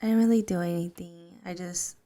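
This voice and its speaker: A young mother co-hosting a podcast, telling stories in a relaxed, easy way and voicing her child's lines. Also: brisk. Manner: relaxed storyteller, acts out her daughter's lines in a higher voice. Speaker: podcast co-host. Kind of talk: casual chat.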